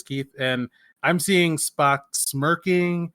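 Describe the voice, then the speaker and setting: A man's voice: fairly high pitch, steady tone, slow, fairly bright tone, clear, resonant tone, no echo, studio quality. A man co-hosting a casual podcast chat, speaking eagerly but hesitantly, with many fillers and restarts. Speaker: podcast co-host.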